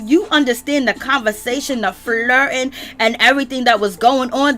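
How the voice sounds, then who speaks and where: A woman hosting a casual livestream gossip show, drawling and animated, calling her viewers "baby". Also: high-pitched. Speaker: celebrity gossip host.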